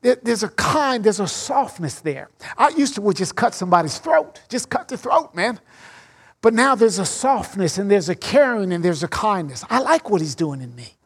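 A middle-aged male pastor with a strikingly high-pitched voice delivers a sermon. He speaks in an earnest, personal way, weaving scripture readings into his own reflections. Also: sing-song, normal speed, slightly rough.

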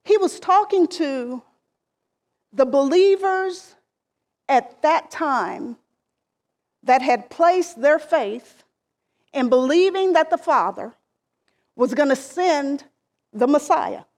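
A woman delivers a sermon at an unhurried, measured pace. Her voice sits high, and she stresses key phrases before letting the ends of her lines fall away softly. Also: expressive. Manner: slow, deliberate preaching with emphatic rises and soft trailing endings. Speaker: preacher.

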